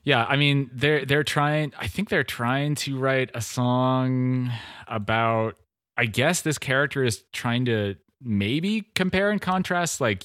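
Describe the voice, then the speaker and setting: A man co-hosting a podcast in casual chat, sardonic and quick to laugh. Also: medium pitch, fairly bright tone, no echo, studio quality. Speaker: podcast co-host.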